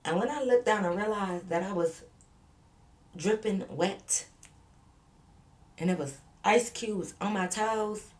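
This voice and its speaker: A woman's voice: mid-range voice, slow pace, long pauses. Brash woman telling a story. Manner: animated, profane, speaking straight to viewers. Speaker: vlogger. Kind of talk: storytime vlog.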